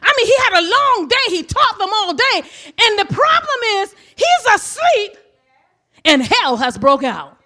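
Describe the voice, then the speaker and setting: A woman preaching a sermon emphatically, swinging from soft, low asides to shouting. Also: very animated, a little slow.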